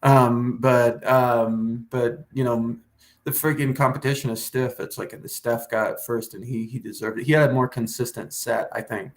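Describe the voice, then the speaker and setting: Rambling man at a middle pitch. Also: flat delivery, moderate pace. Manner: rambling, with many restarts and swearing. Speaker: comedian guest. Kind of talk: casual podcast chat.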